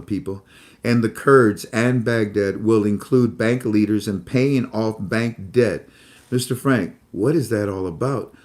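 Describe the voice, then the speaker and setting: A man hosts a casual commentary in a somewhat low voice. He rambles, repeats himself and fills pauses with frequent "uh"s. His talk sounds loose and unscripted. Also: a little mellow. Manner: rambling, repetitive, many fillers. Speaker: host.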